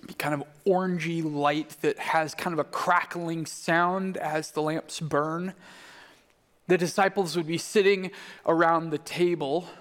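A man's voice: fairly high pitch, fairly even intonation, measured pace, a bit bright. A man preaching a sermon, telling the story vividly and acting out the quoted voices. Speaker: pastor. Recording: long hall reverb.

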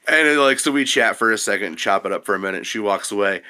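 Bright-voiced man telling a profane story. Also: lowish voice, brisk. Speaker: podcast guest. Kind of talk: casual storytelling.

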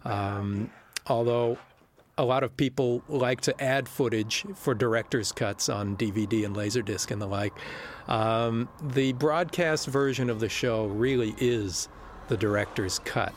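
Male director on a commentary track: laid-back and conversational, pausing often. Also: medium pitch, a little hiss or hum. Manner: relaxed, with pauses and fillers. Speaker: film director. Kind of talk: film commentary.

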